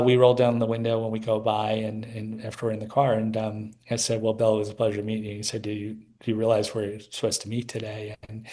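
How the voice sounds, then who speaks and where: A man's voice: on the low side, a little mellow. A middle-aged man telling a personal story as an interview guest, rambling with many restarts.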